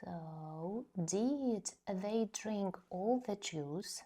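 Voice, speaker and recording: A woman teaching an English grammar lesson, explaining slowly and carefully and reading example sentences. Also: on the low side, animated, dark tone, slightly rough.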